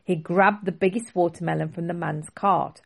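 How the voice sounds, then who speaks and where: A woman author reading her own children's book aloud in a clear, expressive storybook style. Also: lowish voice, moderate pace.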